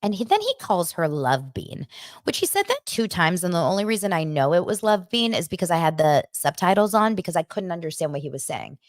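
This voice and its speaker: A woman hosting a podcast, chatting in a gossipy, animated way as she recaps a reality show. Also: fairly low pitch, fairly quick, no room sound, clean studio sound. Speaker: podcast host.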